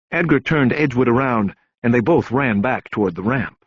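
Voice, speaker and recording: A man's voice: medium pitch, animated, fairly quick, hardly any pauses, breathy edge, no room sound. A man narrating a crime novel audiobook in a tense, dramatic storytelling manner. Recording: dull, dry audiobook recording.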